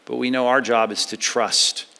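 Man, pastor, sermon, bright forceful voice, emphatic then hushed, long hall reverb. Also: level tone, moderate pace, gravelly. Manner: preaching with swings from loud emphasis to hushed, low delivery.

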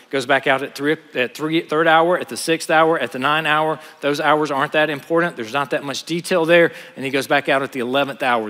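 A male preacher delivering a lively sermon in a large hall with a long, ringing reverb. His voice sits fairly high and sounds bright and forceful. He acts out the voices of the story and keeps asking the crowd questions. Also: moderate pace. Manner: animated, acts out parable voices, asks the audience questions.

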